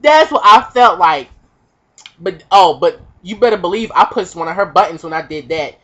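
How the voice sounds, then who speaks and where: A young woman vlogger telling a comic personal story, animated and profane, acting out the voices of the people in it. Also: lowish voice, normal speed. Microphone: webcam. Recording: dull lo-fi webcam audio.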